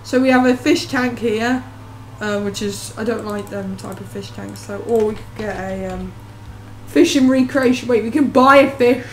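A woman talks her way through a game, rambling and poking fun at herself with a jokey, offhand manner. Her voice sits a little high, with a faint noise floor behind it. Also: moderate pace. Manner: rambling, self-mocking, jokey. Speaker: let's play host. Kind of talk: gameplay commentary.

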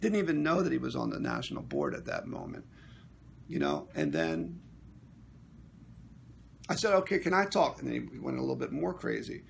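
A man's voice: mid-range voice, normal speed, vocal fry, long pauses, slight background noise. A man, an actor and union member, recapping a meeting in a casual vlog, acting out what others said as he tells it. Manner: animated storytelling, acting out quotes.

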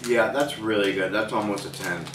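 A woman from the United States with an unusually deep voice gives frank, offhand verdicts in a home candy taste test. She sits away from the camera mic, so her voice echoes around the room. A faint hiss sits underneath. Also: fairly even intonation, brisk, distant mic. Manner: frank and offhand, blunt opinions. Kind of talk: casual taste-test chat.

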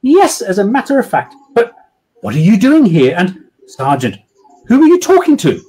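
A man's voice: high-pitched, huge pitch swings, normal speed, a little mellow, breathy edge, pitched above the performer's own voice, heavily acted. A man voicing a curious, slightly mocking village man out looking for his lost dog. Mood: questioning.

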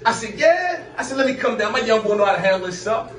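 A man's voice: high-pitched, very fast, fairly bright tone. A man animatedly telling a story about a fight, acting out the voices and sound effects. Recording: roomy distant clip with music.

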